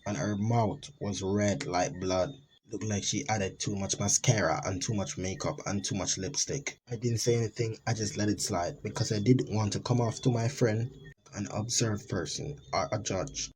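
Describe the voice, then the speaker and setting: A man's voice: on the low side, moderate pace, darkish tone, slight background noise, low-quality recording. A man narrating an amateur horror story in a rambling, dramatic, unpolished way.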